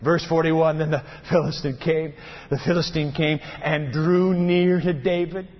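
A high-voiced man preaches a sermon with dramatic, animated delivery, acting out the voices in the story. His voice rings with long reverb through a church sanctuary, and the recording sounds a bit dull and muffled. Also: a little slow. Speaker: pastor.

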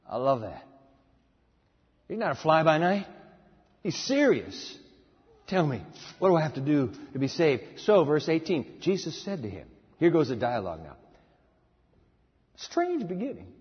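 Guy preaching, dramatic storytelling, husky voice, long hall echo, dull sound. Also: on the high side, huge pitch swings, a little slow, long pauses. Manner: dramatic storytelling, acts out dialogue. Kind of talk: sermon.

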